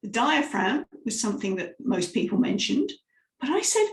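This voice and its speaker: A woman leading a lively, hands-on vocal warm-up lesson as a speaking coach. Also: a little high, moderate pace. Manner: lively, demonstrative, guides listeners through exercises. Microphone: microphone, sometimes stepping close. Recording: roomy echo.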